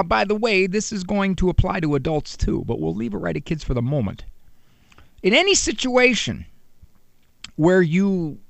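Radio talk host, middle-aged man, bouncy high voice, dry close studio sound. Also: gravelly, a bit bright, no room sound. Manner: conversational, teasing, acts out quotes. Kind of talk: animated radio monologue.

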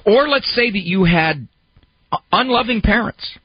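A man's voice: high voice, expressive, a little slow, husky, dry recording, highs cut off. A man giving a conversational talk on psychology, working through everyday examples and posing questions to the listener. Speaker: speaker on psychology and self-help. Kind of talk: conversational lecture.

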